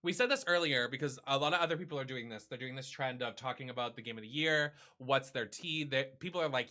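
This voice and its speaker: Bright-voiced man ranting, animated. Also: mid-range voice, fast talker, few pauses. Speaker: streamer host. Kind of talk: casual chat with partner.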